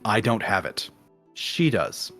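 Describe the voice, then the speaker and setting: A man's voice: on the low side, takes it slowly, faint music behind. A man in a casual conversation, telling a long game story and acting out the characters' lines as he goes. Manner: animated storyteller acting out quotes. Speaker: guest in a game discussion.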